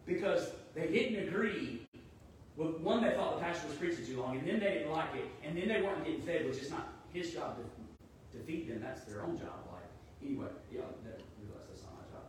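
A man's voice: a little high, a little fast, heavy reverb, distant mic, a little hiss or hum, low-quality recording. A man preaching a sermon in a conversational, storytelling way. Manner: conversational, storytelling, animated when quoting. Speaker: pastor.

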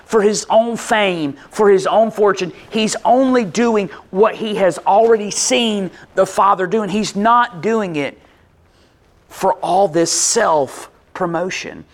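A man delivers a sermon. His preaching is conversational and he speaks directly to the congregation. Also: high voice. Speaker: pastor.

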